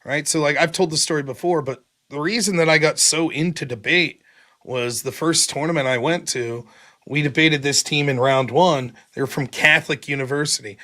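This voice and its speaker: A man hosting a casual livestream, telling stories in a loose, profane, animated way. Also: fairly high pitch, moderate pace. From America. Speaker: host.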